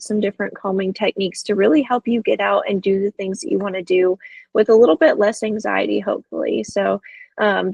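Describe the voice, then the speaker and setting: A woman's voice: medium pitch, creaky, a little mellow, husky, no room sound, poor audio. A woman co-hosting a health podcast, talking casually and encouragingly with frequent fillers. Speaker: podcast co-host.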